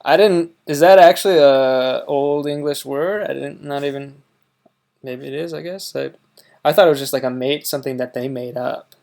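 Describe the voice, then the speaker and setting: A man with a Wisconsin accent giving casual reaction commentary, halting and filled with fillers and restarts. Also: medium pitch, vocal fry, a little mellow. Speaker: host reacting to a video.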